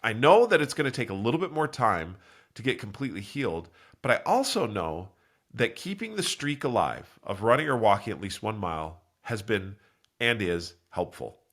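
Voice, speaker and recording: A man hosts his own motivational podcast while congested from a cold. His fairly low voice has a bright edge, and his pitch rises and falls in lively swoops. He rambles earnestly, stops to correct himself, and jumps way up in pitch when he acts out what people say. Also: normal speed. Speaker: podcast host. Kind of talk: solo motivational talk.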